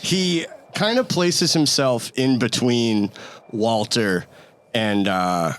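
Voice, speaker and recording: A man's voice: mid-range voice, slow, fairly bright tone, clear, resonant tone. A man playing a tabletop game, talking in a laid-back, joking way. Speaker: player. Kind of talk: casual tabletop play.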